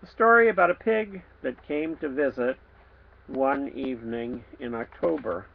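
A man, the author, reading his children's storybook aloud with playful, expressive delivery. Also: mid-range voice, measured pace, vocal fry, narrow, tinny audio, slight background noise.

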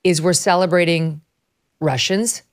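Low-voiced woman host, emphatic. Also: a little slow. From upstate New York. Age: 50s. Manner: animated, emphatic storytelling. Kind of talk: casual political talk.

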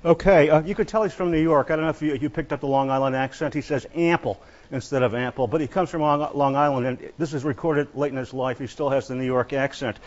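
A man giving a classroom lecture on poetry, speaking haltingly with many fillers and restarts. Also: medium pitch, steady tone, highs cut off, slight background noise. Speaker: literature lecturer.

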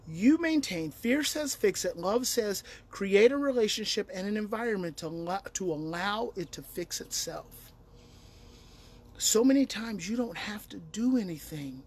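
A middle-aged man gives a casual parenting talk in a high, light voice. He speaks with lively emphasis and laughs often as he talks. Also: slight background noise. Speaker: parenting educator. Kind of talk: casual monologue to camera.

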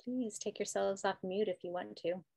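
A woman's voice: mid-range voice, normal speed, creaky, mellow, no room sound. Hesitant woman author, dry close sound. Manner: hesitant, many "you know" fillers and restarts. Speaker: author and guest. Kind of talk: casual conversation at an online book event.

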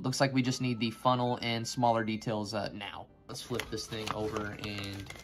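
A man chats his way through a toy build in a loose, rambling manner and keeps drifting into jokes. His voice sits at an ordinary middle pitch. Faint music plays under him. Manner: rambling, joking, easily sidetracked. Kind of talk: casual build commentary.

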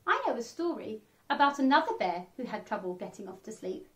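A woman reading a children's picture book aloud, animated and expressive, acting out the sound effects. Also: on the high side, a little fast. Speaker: children's storyteller.

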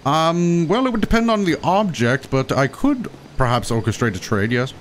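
A man's voice: on the high side, animated, normal speed, slight background noise, lightly acted. A man doing a prissy posh con man. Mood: scheming. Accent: put-on posh British. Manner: prim, overly polite, fussy exclamations. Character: posh young male con man, faux-royal. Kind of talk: roleplay in a game.

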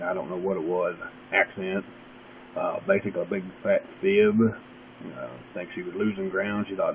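A man's voice: low-pitched, level tone, a little fast. A man with a drawling, gurgly voice, rambling through a folksy, opinionated vlog. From West Virginia. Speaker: vlogger. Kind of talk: casual rambling monologue. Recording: tinny lo-fi webcam audio with faint hiss.

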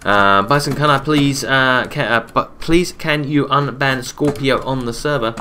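A man with a bright, forceful voice talks through a live game stream, reading chat messages out and replying in a relaxed, chatty way, often repeating himself. Soft keyboard typing sits faintly behind him. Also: medium pitch, unhurried, slight background noise. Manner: reads chat messages aloud and answers viewers between play calls; relaxed, chatty, repeats his own phrases. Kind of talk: casual live-stream commentary while gaming.

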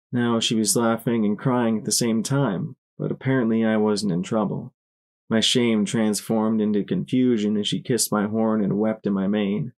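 A man giving dramatic, expressive first-person audiobook narration. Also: lowish voice.

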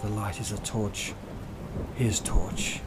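A man's voice: on the low side, flat delivery, slow pace, over loud music, voice pushed down. A man doing an over-the-top voice for a spoof insurance advert, in a theatrical voice-over delivery. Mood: ominous.

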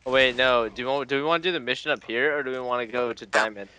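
A man's voice: medium pitch, racing, pushed and bright, smooth. A young man gaming with friends, joking crudely and laughing often into his mic. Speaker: let's play gamer. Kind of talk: casual gaming banter.

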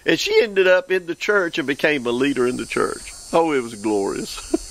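A man from the southeastern United States with a Southern accent, preaching an informal sermon full of stories, exuberant, exclaiming and repeating words when excited. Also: on the high side, normal speed, slight background noise. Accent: Southern American.

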